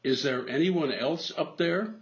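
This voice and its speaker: A man's voice: fairly high pitch, measured pace, pitched above the performer's own voice, lightly acted. Panicked cliff-hanger, as a male preacher puts him on. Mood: desperate. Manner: cries out in pleading bursts. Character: desperate man dangling from a cliff. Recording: dull lo-fi recording.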